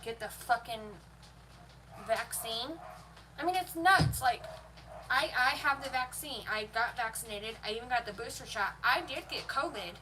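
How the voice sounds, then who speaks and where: A woman's voice: a little high, normal speed, bright, forceful tone. Profane, heated woman ranting. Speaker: vlogger. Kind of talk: heated opinion rant to camera. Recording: voice a bit far from the mic, faint noise.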